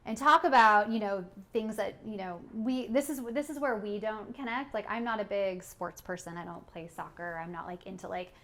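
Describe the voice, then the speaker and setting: A woman's voice: medium pitch, moderate pace, hardly any pauses, a bit bright. A woman co-hosting a parenting podcast, talking casually with many fillers and frequent laughs. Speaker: podcast co-host.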